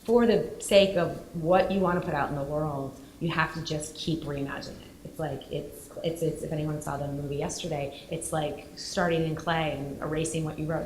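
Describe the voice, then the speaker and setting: A woman's voice: sits low, slight background noise. Emotional woman producer in a roomy hall. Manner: emotional and animated, quick bursts of emphasis. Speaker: film producer on a festival panel. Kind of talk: candid panel discussion.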